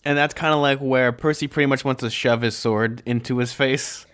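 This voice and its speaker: A man's voice: mid-range voice, steady tone, moderate pace, a bit bright, clean tone. A man co-hosting a podcast, chatting casually in an easygoing, joking, meandering way. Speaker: podcast co-host. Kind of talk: casual chat.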